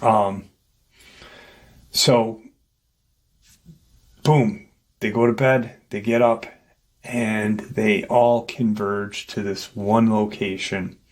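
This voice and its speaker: On his channel, a man slowly recounts an eerie encounter in a casual, rambling way, performing the voices of the people he quotes. His voice is lowish and his tone steady.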